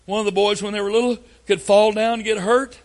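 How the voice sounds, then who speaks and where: An older man preaching a sermon, telling folksy family stories and breaking into loud outbursts. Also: high-pitched, level tone, quick pace. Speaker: pastor.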